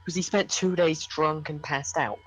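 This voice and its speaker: Higher-voiced man recapping the game. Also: steady tone, normal speed, low-quality recording. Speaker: player. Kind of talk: casual game chat.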